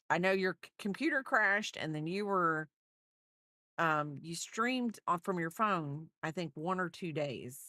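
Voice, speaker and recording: Woman, low pitch, chatty rambling livestream talk, dry recording. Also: pushed and bright, no echo. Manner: rambling, chatty, thanks viewers. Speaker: crochet livestreamer. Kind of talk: casual livestream chat.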